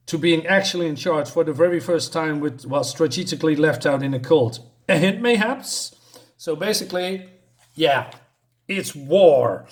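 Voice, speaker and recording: Exasperated sarcastic man reviewing comics. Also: fairly high pitch. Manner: exasperated, sarcastic, rambling with restarts. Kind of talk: casual review monologue.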